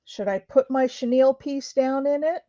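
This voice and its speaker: A woman's voice: high voice, moderate pace, dark tone, dry recording. A woman hosting a craft video, chatting casually and asking questions as she works. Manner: chatty, asks questions while working. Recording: dry, dull lo-fi sound.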